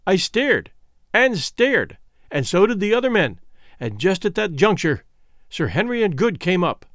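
Expressive male audiobook narrator. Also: high-pitched, no echo, studio quality. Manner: measured first-person storytelling. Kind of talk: scripted narration.

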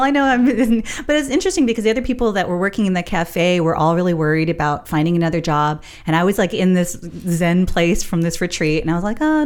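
A middle-aged woman telling a personal story in a casual, rambling, reflective way, laughing now and then. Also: low voice. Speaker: storyteller sharing her spiritual journey.

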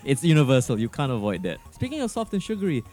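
Male podcast co-host, lively pitch, joking and filler-heavy banter, faint music underneath. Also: quick pace. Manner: joking, laughs often, many fillers.

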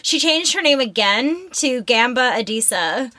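A young woman co-hosting a podcast, chatting eagerly with quick interjections. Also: high voice, lively intonation, pushed and bright, dry recording, studio quality. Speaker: podcast co-host. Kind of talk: casual podcast chat.

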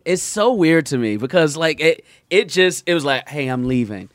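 Man, co-host, casual chat, exasperated, emphatic, lively pitch. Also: normal speed, no echo, clean studio sound.

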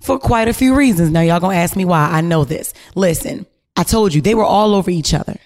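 Woman podcast host doing story time, kinda low voice, talks slangy and swears a lot, really animated, chatting straight at the listeners. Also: fairly quick. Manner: animated, slangy and profane, addressing listeners directly. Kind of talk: casual storytelling.

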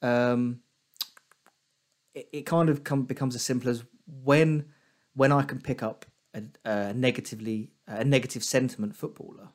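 A man's voice: mid-range voice, fairly even intonation, moderate pace. A man, a guest trader on a casual podcast, who talks things through in a chatty, teasing way. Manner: chatty, teasing, thinks aloud with fillers.

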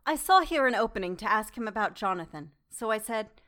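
A woman narrates a classic novel in the first person, keeping her reading measured and demure. Her voice sits in a middle register, neither high nor low. She takes on the heroine's own voice as she reads. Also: animated, a bit bright. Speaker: audiobook narrator.

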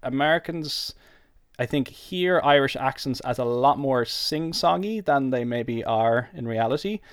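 A man's voice: medium pitch, a little slow, dry recording, studio quality. A man giving casual interview answers, chatty and rambling, often restarting his sentences.

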